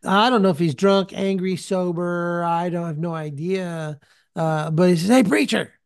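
Male preacher-host with a fairly high voice, telling a story and acting out the people in it. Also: a little slow, clear, resonant tone. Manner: animated storyteller who acts out the people he quotes. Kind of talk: storytelling in conversation.

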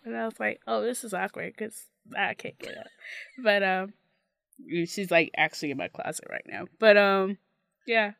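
Bright-voiced woman podcast co-host. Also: medium pitch, vocal fry. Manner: relaxed, chatty, uses fillers like "like". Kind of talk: casual chat.

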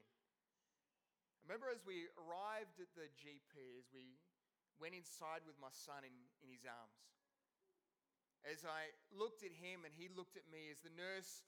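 A man preaches to his church, telling family stories in an animated way. His voice sits high for a man and sounds bright and forceful. He swings from loud, lively passages to hushed, drawn-out ones. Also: smooth. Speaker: pastor. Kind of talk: sermon.

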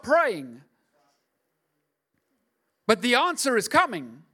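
A man with a fairly high voice preaching a sermon. He retells scripture in a casual, slangy way. He slips in playful impressions and rhetorical questions to the congregation. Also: normal speed, a bit bright. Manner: casual slangy storytelling with acted-out asides. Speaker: pastor.

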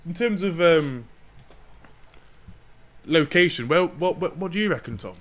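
A man's voice: lively intonation, unhurried. A young man co-hosting a casual podcast chat, teasing and giggly. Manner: giggly, teasing, bursts into high laughter. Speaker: podcast co-host.

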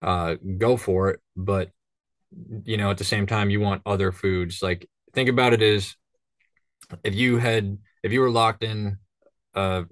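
A man's voice: fairly low pitch, a bit bright, no echo, studio quality. A man from northern Minnesota, a hunting guide, talking casually and rambling through stories. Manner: rambling storyteller, acts out voices. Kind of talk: casual podcast chat.

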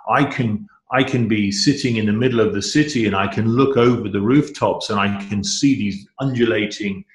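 Man, middle-aged, lowish voice, enthusiastic, rambling, echoey room. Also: moderate pace. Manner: enthusiastic, rambling, many restarts. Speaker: guest. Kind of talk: casual conversation.

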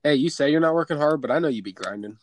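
A man's voice: fairly high pitch, animated, rapid-fire, slight background noise. A man hosting a podcast in casual chat, teasing and joking with his co-host.

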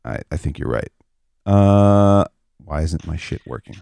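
A man's voice: low voice, expressive, measured pace, creaky, mellow, no room sound. A man hosting a podcast in loose, casual chat, swearing now and then. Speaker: podcast host.

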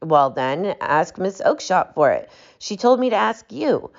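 A woman's voice: fairly low pitch, very animated, unhurried, gravelly, heavily acted. A woman voicing a shifty, frightened little male hotel attendant who talks in a quavering, pleading way. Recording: dull lo-fi audiobook recording.

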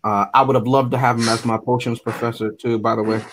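A man's voice: medium pitch, level tone, quick pace, a bit bright, slight background noise. A man co-hosting a podcast, chatting casually about a movie with wry, joking asides. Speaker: podcast co-host.

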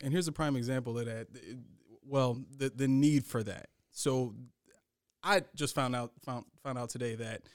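A man's voice: mid-range voice, no room sound, clean studio sound. A man co-hosting a faith talk show, speaking casually with frequent restarts. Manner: halting, many restarts, conversational. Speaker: co-host. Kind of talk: casual discussion.

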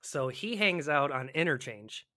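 Gamer co-host, male, a touch high-voiced, excitable and foul-mouthed, dry close recording. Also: unhurried, no room sound. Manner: animated, profane, mimics panicked players. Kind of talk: casual gaming chat.

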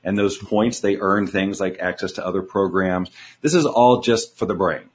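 A man's voice: deep voice, moderate pace. A man, a guest coach in an interview, explaining his ideas earnestly and repeating key words for emphasis. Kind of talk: conversational interview.

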